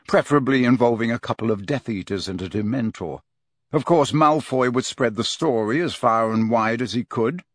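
A man's voice: mid-range voice, no room sound. Man reading an audiobook, dry booth sound. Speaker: audiobook narrator. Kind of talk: scripted narration.

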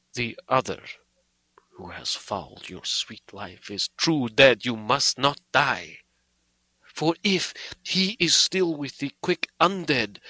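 A man reading aloud, voicing an elderly male doctor who speaks slowly, gravely and with fatherly pleading. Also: mid-range voice, pushed and bright, dry recording, full character voice, low-quality recording. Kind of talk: audiobook character voice.

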